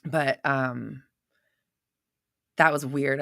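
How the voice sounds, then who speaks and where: A young woman talks loosely and excitedly to her live-stream viewers and drops the odd swear word. Her tone is bright and forceful, and the sound is close and dry. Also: low voice, normal speed, no room sound. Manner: chatty, swears, reads viewer comments aloud. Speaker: host of a live manifestation coaching stream. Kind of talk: casual live-stream talk.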